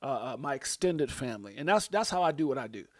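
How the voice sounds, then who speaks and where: Rambling through a chatty crypto livestream, this middle-aged host uses lots of fillers and laughs easily. He speaks quickly in a medium pitch with big swings in intonation.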